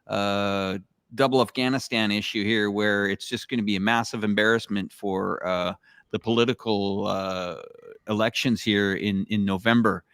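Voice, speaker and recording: A man's voice: lowish voice, steady tone, normal speed, a bit bright, clear, resonant tone, no room sound. A male co-host asks long, meandering questions, hesitating often and filling the gaps with uh and you know. The sound is dry and close, with no room around it. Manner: rambling, hesitant with many fillers. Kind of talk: casual interview questions.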